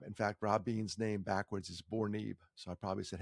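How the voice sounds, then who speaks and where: A man in his fifties from New York, telling a casual personal story with joking asides. His voice is low with a gravelly fry and sounds dry and close to the mic. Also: a little fast, dry recording. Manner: chatty, joking asides, lively stress.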